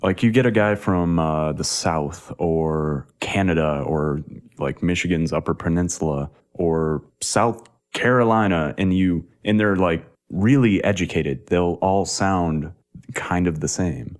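A man's voice: sits low, measured pace. A man co-hosting a casual chat, agreeable and laughing often. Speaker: podcast co-host.

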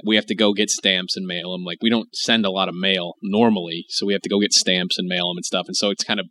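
A man co-hosting a podcast in casual chat, sick with a head cold and a bit raspy, rambling with lots of fillers and restarts. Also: fairly even intonation, fast, bright, forceful tone, a little hiss or hum. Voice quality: slightly deep and raspy from the cold. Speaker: podcast co-host.

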